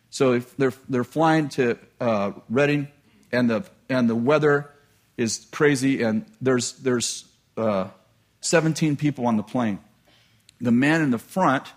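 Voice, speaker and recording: A male preacher telling a personal story in a sermon, animated and self-deprecating, often laughing at himself. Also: mid-range voice.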